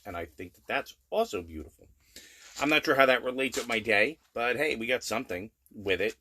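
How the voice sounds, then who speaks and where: A middle-aged man giving a casual daily video update from home, blunt and plain-spoken, with animated rants. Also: medium pitch, brisk, slight background noise. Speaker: vlogger.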